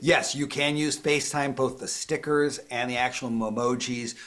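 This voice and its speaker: A man's voice: mid-range voice, fairly even intonation, moderate pace, a bit bright, slight background noise. A man presenting a live phone tutorial, walking viewers through each step in an upbeat, explanatory way. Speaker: tech presenter.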